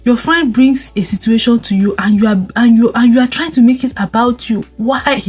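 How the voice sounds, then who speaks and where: A woman's voice: on the high side, moderate pace, a little mellow, breathy edge, soft background music. A young woman giving casual relationship advice to camera, firing off rhetorical questions and repeating herself. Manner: scolding rhetorical questions, repeats words, frequent laughs. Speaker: vlogger.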